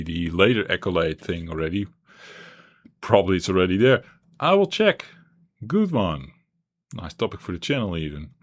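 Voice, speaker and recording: A man streaming a retro game, thinking aloud and rambling with frequent restarts. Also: lowish voice. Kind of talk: live-stream gameplay chat.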